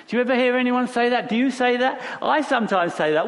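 A man's voice: very high-pitched, expressive, fairly quick. A man preaching a sermon in a conversational way, asking rhetorical questions and repeating phrases for emphasis. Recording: long reverb of a large hall.

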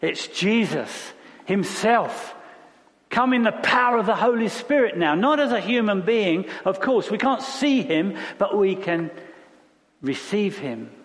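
A man's voice: sits high, animated, unhurried. A man preaching a sermon in a conversational way, asking rhetorical questions and repeating phrases for emphasis. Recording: long reverb of a large hall.

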